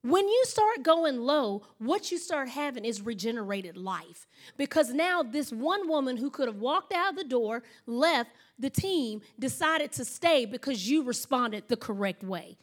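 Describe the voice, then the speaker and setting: A high-pitched woman in her thirties, preaching. She tells stories from the pulpit and slips into the voices of the people she quotes, then gets back to her point. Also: expressive, unhurried. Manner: storytelling, acts out quoted voices. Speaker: pastor. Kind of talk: sermon.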